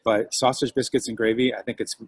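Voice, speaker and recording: A husky man talks over a video call, animated and chatty, slipping into his customers' voices as he tells his stories. The sound is close and dry, with no room around it. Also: medium pitch, brisk, no room sound. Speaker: guest author and diner owner. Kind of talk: casual video call chat.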